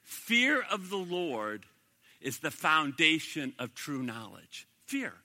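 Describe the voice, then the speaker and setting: A man's voice: on the high side, sing-song, slow pace, pushed and bright, long reverb tail. A man preaching a sermon as pastor, emphatic and repeating his key phrases.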